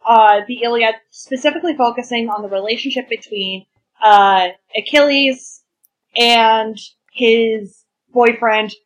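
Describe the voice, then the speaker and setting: A woman's voice: a little high, a little slow, low-quality recording. A woman co-hosting a podcast, chatting casually and enthusiastically about history and stories, with crude humor. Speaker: podcast co-host. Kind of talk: casual chat.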